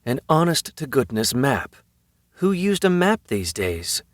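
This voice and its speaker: A man reading a fantasy novel as an audiobook narrator, in an even, measured storytelling manner. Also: medium pitch, no room sound, studio quality. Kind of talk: scripted narration.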